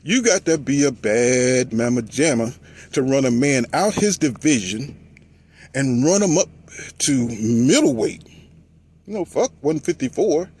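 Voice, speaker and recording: A man talking casually about boxing, telling the story with lively delivery and mocking voices for the people he quotes. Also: mid-range voice, measured pace, husky. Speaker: boxing commentator.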